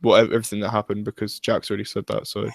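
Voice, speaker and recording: A man's voice: on the low side, completely flat delivery, rapid-fire, vocal fry, no room sound. Hesitant young man, dry close sound. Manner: hesitant, filler-heavy. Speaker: guest reviewer. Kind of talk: casual review chat.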